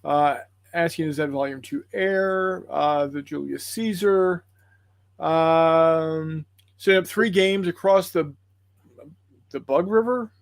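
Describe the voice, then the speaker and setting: A man's voice: a little high, takes it slowly, gravelly. A man hosting a tabletop gaming livestream, chatting casually and rambling apologetically through viewer comments with plenty of fillers.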